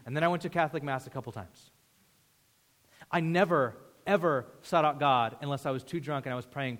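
A man preaching a sermon as pastor, emphatic and storytelling, swinging between loud declarations and hushed asides. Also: mid-range voice, fairly quick. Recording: reverberant hall sound.

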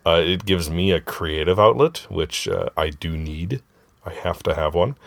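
A man's voice: deep voice, a little slow, vocal fry, no room sound. A middle-aged man hosting a casual family podcast with his kids, laughing often and joking loosely. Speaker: podcast host and father.

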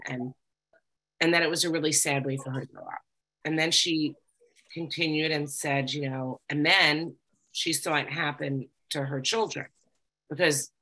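A woman's voice: sits low, pushed and bright, slightly rough. A woman giving candid personal testimony to a group, talking conversationally with frequent fillers. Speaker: recovery group speaker.

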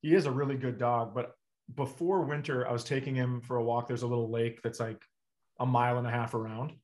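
Animated man telling stories casually. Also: mid-range voice, brisk. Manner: animated storyteller acting out dialogue. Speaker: comedian guest. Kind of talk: casual storytelling chat.

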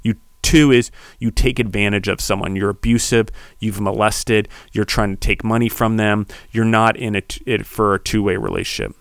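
A fired-up man delivers an impassioned solo podcast monologue, preaching heatedly, swearing, and building to shouts. His voice is on the low side and creaky, with fairly even intonation, a moderate pace, and hardly any pauses. The studio sound is clean, with no echo.

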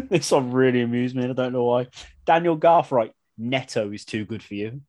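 A man's voice: medium pitch, brisk. A man hosting a casual podcast, reading out listener submissions and laughing often. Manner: lively, laughs often while reading out lines. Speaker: podcast host.

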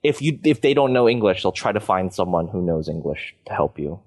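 A man's voice: deep voice, very animated, fairly quick, darkish tone, no echo. A young man from Canada chatting casually as a podcast host, rambling with plenty of fillers like "like" and "you know". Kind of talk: casual chat.

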